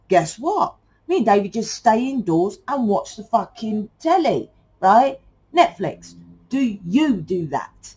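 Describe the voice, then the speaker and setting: A British woman talks through a tarot reading in a loose, rambling way and swears casually as she goes. Her voice sits at a middle pitch for a woman, and her delivery is chatty and conversational. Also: animated, measured pace, a little mellow, husky, rough recording. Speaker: tarot reader.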